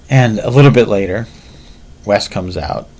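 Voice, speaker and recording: A man's voice: fairly low pitch, husky. A man telling a martial arts story in a casual, rambling way, with frequent fillers.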